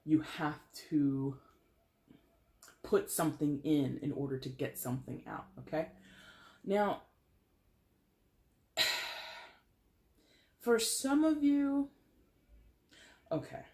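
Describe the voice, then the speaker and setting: A man giving a casual tarot reading, chatty and animated, swearing now and then. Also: medium pitch, unhurried, long pauses, reverberant. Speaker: tarot reader.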